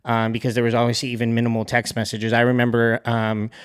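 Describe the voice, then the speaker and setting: A man's voice: medium pitch, monotone, quick pace, smooth, no echo, studio quality. A young man hosting a podcast, telling a story in a candid, rambling way with many fillers. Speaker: podcast host. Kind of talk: casual conversation.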